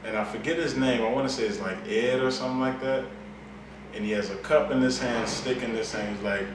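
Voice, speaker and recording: A man's voice: mid-range voice, brisk. Young man telling a story. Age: young adult. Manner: laid-back slangy storytelling. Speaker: student interviewee. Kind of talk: casual storytelling. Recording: echoey room, distant mic, background noise.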